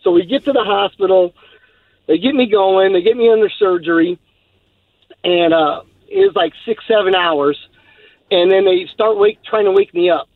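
Man, radio caller, rambling story, high voice, dry phone-line sound. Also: moderate pace, no echo. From Texas. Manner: rambling, laughing, many fillers.

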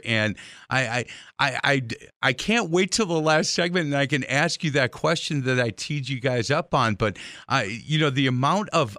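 Bright-voiced chatty male host. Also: mid-range voice, no room sound, clean studio sound. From Irish heritage. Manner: chatty, storytelling, many restarts. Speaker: show host. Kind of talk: casual interview chat.

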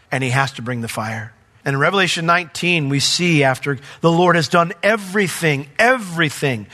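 A man preaches a sermon in a conversational, emphatic way, building to raised exclamations and then dropping to near hushes. His voice is bright and forceful and sits a little high. The sound rings with the long reverb of a church hall. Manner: emphatic, conversational preaching with sudden drops to quiet. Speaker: pastor.

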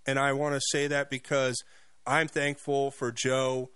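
A man's voice: mid-range voice, level tone, fairly bright tone, smooth, no room sound. A male radio talk show host giving a mocking, opinionated monologue with many restarts and repeated words. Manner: fast, mocking, repeats himself.

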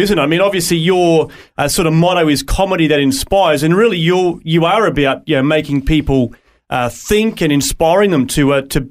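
A man hosting a radio interview, chatty and hesitant with many fillers. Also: on the high side. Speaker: radio host.

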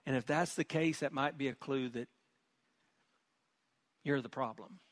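A man's voice: mid-range voice, unhurried, no room sound. A middle-aged male pastor preaching a sermon in an earnest, emphatic way, often repeating words.

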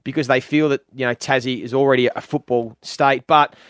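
A man's voice: mid-range voice, steady tone, brisk, a bit bright, clean tone, dry recording, studio quality. An Australian man co-hosting a sports radio show, giving easygoing, matter-of-fact opinions in casual banter. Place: dry radio studio.

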